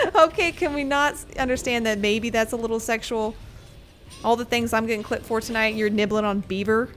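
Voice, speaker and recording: A woman's voice: a little high, fairly even intonation, a little fast, a bit bright, slight background noise. A woman streaming a game, rambling through a story between fights, laughing often and swearing casually. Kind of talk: casual gameplay commentary and storytelling.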